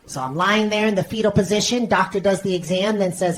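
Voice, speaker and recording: A woman telling a stand-up joke in a lively storytelling manner. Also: mid-range voice, a little fast, a little hiss or hum, low-quality recording. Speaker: stand-up comedian.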